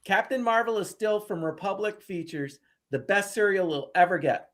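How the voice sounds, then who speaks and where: A man in a casual chat, lively and eager to jump in. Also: high-pitched, normal speed.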